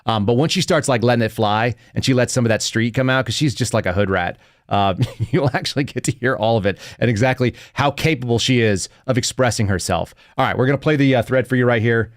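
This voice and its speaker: A man's voice: medium pitch, fast, no echo, clean studio sound. A man in his thirties hosting a live podcast, giving blunt, mocking commentary and laughing often. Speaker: podcast host.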